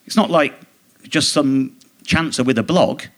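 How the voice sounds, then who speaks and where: A male comedian talks a live podcast audience through a long, indignant anecdote on a theatre stage. His voice sits at an ordinary middle pitch. He rambles, restarts and mimics the people in his story. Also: unhurried. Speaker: comedian guest.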